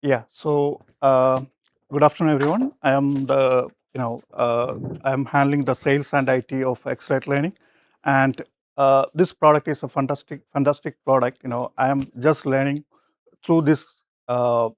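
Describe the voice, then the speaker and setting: A man whose first language is not English, giving a short, hesitant business pitch full of fillers as sales and IT manager. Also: level tone, normal speed, no echo. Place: festival lab presentation.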